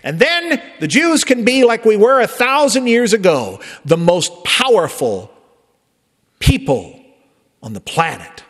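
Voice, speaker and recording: Male pastor, fairly high voice with a lot of pitch movement, conversational sermon, long church reverb. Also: sing-song, measured pace. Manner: conversational preaching with sudden emphatic rises and soft drops. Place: church sanctuary.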